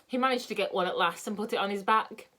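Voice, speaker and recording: A woman reading a children's book aloud in a lively, expressive way. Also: mid-range voice, quick pace. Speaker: storyteller.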